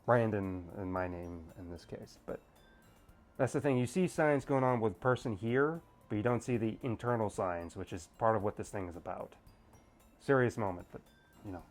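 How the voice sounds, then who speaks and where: A man's voice: on the low side, normal speed, soft background music. A man playing through a visual novel, reading it aloud and making jokey, self-aware asides. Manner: jokey, self-aware, laughing between lines. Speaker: let's play gamer.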